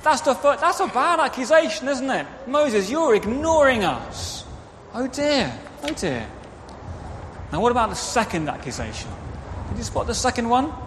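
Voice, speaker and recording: Male preacher, high lively voice, children's talk, reverberant church. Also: moderate pace, noisy background. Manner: animated, directs children, acts out quotes. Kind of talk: interactive children's sermon. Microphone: microphone. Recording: reverberant hall, faint ambience.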